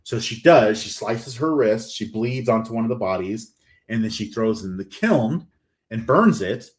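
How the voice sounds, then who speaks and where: A man with a somewhat low voice hosts a podcast and retells a horror story in casual chat. He keeps the telling lively and slips into quick voiced versions of the characters' lines. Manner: animated storytelling, acts out quoted lines. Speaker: podcast host. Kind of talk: casual plot recap.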